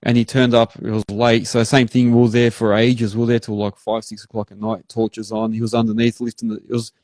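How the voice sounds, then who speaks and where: An Australian man hosting a live show, rambling through animated work stories in casual chat. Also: lowish voice, brisk, no room sound. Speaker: host.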